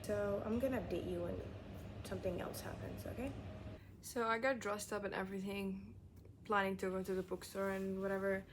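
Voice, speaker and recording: A woman whose first language is Arabic, chatting casually in a reading vlog, excitable and full of fillers. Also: medium pitch, brisk, a little hiss or hum. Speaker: book vlogger.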